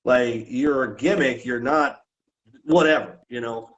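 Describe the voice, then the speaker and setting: Speaking a little slowly in a mid-range voice, a man who once wrestled and refereed swaps stories on a podcast over a rough recording. His delivery is profane and animated, with quotes acted out.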